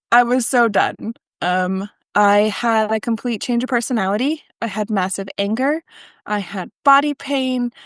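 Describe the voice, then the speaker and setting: A woman's voice: fairly high pitch, no room sound. Candid woman telling her story, dry sound. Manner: conversational, frequent ums and likes, self-correcting. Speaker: podcast guest.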